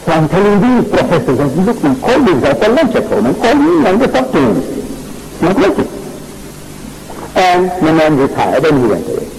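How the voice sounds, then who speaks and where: A man's voice: high voice, wildly swooping pitch, fairly quick, gravelly, background noise. A man giving a public lecture, emphatic, repeating key phrases and telling stories with quoted dialogue. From South Africa. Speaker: Islamic lecturer. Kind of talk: public lecture with audience questions.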